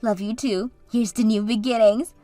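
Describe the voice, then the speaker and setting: A woman's voice: on the high side, fairly even intonation, normal speed, dark tone, no echo, faint music behind, lightly acted. A woman voicing Katie, a bubbly and encouraging sister and maid of honor, in a scripted story drama. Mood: cheerful.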